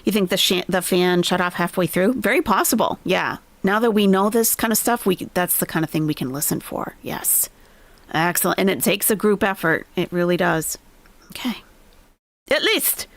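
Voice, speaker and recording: A woman's voice: on the low side, moderate pace. A woman live-streaming commentary, chatting and reading out viewer comments. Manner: chatty, muses aloud, reads viewer comments.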